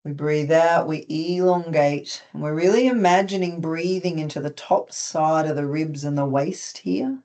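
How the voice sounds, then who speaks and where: Calm instructor leading a stretching class. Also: mid-range voice, unhurried, few pauses. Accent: Australian. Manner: calm, gently instructive with light humor. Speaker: movement instructor.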